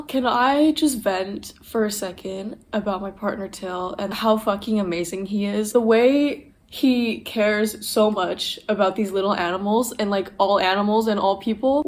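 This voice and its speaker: A young woman talking candidly and emotionally to her camera in a casual vlog, swearing freely as she sits on the floor at home. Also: mid-range voice. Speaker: vlogger.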